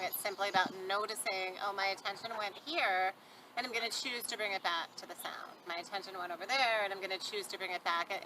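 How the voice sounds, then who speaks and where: Middle-aged woman talking you thru mindfulness, calm and gentle, outdoors w/ birds and traffic noise clearly behind her. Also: mid-range voice. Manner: gentle, calm guiding with soft fillers. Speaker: mindfulness instructor and yoga teacher. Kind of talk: guided mindfulness lesson. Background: birdsong, distant traffic and farm sounds.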